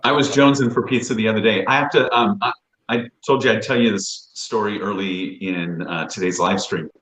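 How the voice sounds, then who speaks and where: A man co-hosting a casual livestream, telling rambling, animated stories. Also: on the low side, fairly quick, roomy sound, low-quality recording. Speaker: real estate agent and livestream co-host.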